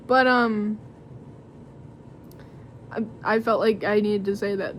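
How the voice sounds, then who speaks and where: A woman's voice: mid-range voice, fairly even intonation, slow pace, pauses often, a little hiss or hum. A young woman doing a casual tarot reading to camera, rambling and giggly with lots of fillers. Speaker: tarot reader.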